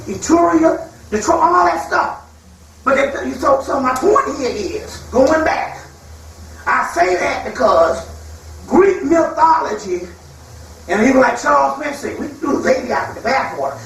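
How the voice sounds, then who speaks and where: A man in a rambling spoken lecture with a fairly high voice, heard from a distance. He talks emphatically and profanely, slipping into mocking asides. The room is strongly echoey, with a faint hum behind him. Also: gravelly. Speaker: spiritual lecturer. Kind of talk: freewheeling lecture. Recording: echoey hall, far from mic.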